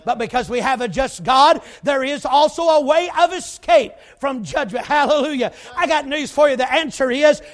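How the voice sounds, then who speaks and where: A man preaching a sermon, emphatic and folksy, with joking asides and bursts of shouting. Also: extremely high pitch, expressive, moderate pace, hardly any pauses.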